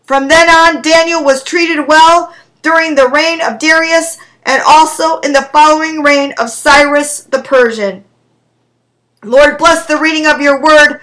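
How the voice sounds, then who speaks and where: Woman preacher reading scripture slow n deliberate, high bright voice. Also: low-quality recording.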